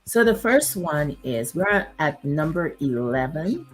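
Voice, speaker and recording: A woman's voice: low-pitched, sing-song, slow pace, faint music behind, poor audio. A woman hosting a casual livestream, chatting with viewers and reading aloud with many fillers, her voice a bit worn. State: losing her voice. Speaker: YouTube livestream host.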